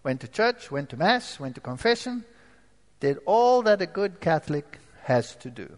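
Man, high voice, testimony talk, dramatic storytelling, long hall reverb. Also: big pitch swings, moderate pace. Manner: storytelling, dramatic shifts from quiet to forceful. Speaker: former professor giving a testimony.

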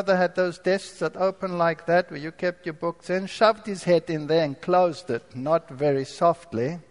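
A man giving his testimony as a sermon, telling stories in an animated way and putting rhetorical questions to the audience. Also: fairly high pitch, big-room sound. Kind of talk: storytelling sermon.

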